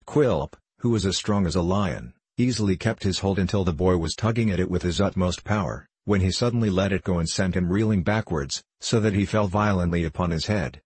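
A man narrating a classic novel as an audiobook in a measured storytelling delivery. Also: deep voice, darkish tone, breathy edge, no room sound. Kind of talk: scripted narration.

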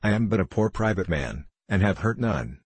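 A man voices a frightened old peasant who pleads and fawns before a lord. The voice is deep and husky. It sounds dry and close. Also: sing-song, moderate pace, no room sound. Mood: pleading. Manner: pleading, obsequious. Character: poor cringing old man, fawning and frightened.

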